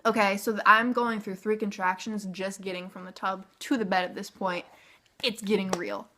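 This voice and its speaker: Young woman vlogger, bright tone, casual filler-heavy storytelling. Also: mid-range voice, normal speed. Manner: chatty, filler-heavy "like", animated retelling.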